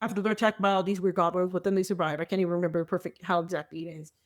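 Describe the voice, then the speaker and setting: A woman's voice: fairly low pitch, flat delivery, very fast. A woman co-hosting a podcast, rambling through a story in casual chat and acting out little quoted asides. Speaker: podcast co-host.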